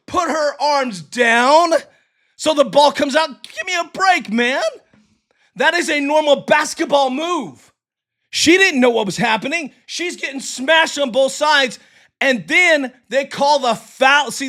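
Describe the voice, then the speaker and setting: Heated high-voiced man ranting live. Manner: heated, yelling, profane. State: losing his voice. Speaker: sports livestream host. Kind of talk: ranting live sports commentary, reading chat. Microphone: desk mic for a livestream.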